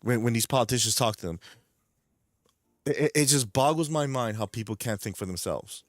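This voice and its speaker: Fairly quick and medium-pitched, this New York livestream host rants angrily from his home setup, cursing constantly and saying words over and over. The audio is close and dry, with no room sound.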